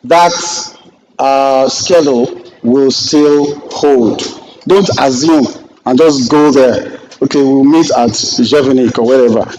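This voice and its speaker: Nigerian guy teaching a class, bit high-pitched, joking around and acting out little scenes. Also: a little hiss or hum, rough recording. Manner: lively, joking, acts out client exchanges. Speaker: real estate trainer. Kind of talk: classroom lecture with anecdotes.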